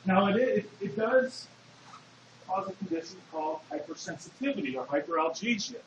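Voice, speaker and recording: A man's voice: high voice, expressive, normal speed, muffled recording, noisy background. A man giving a classroom lecture, explaining step by step and putting questions to the class. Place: lecture hall. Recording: echoey lecture hall.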